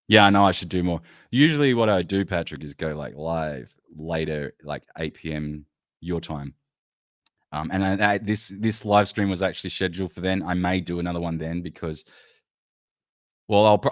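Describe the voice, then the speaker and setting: A man's voice: sits low, no room sound, studio quality. A man hosting a casual livestream, rambling loosely and swearing as he chats with his viewers. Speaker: livestream host.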